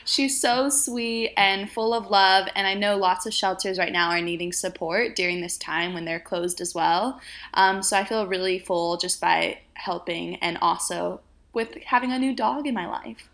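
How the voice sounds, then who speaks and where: A woman in a casual chat with friends, enthusiastic and quick to exclaim. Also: mid-range voice, gravelly, a bit bright.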